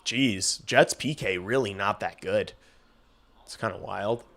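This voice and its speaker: Excitable young man, bright forceful voice. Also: on the low side, slow. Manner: excitable, swears, shifts between mumbled asides and loud outbursts. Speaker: livestream host watching a hockey game. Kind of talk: casual live reaction and play-by-play.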